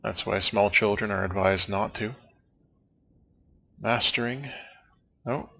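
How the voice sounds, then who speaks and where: A man's voice: on the low side, fairly even intonation, slow pace, vocal fry, sharp tone, slight background noise. A young man casually rambling as a let's play commentator, making wry, dry jokes and wandering off on asides. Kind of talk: casual rambling commentary over game credits.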